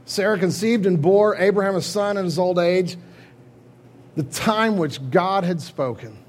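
Husky-voiced preacher telling stories casually. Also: male voice, high-pitched, a little slow. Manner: casual storytelling preaching, animated retellings. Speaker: pastor. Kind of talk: sermon.

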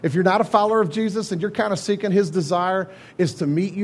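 A man preaching in a relaxed, storytelling manner, his voice pitched fairly high with a husky, breathy edge. He slips into quick, lively retellings of old stories as he talks to his congregation. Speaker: pastor. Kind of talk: sermon.

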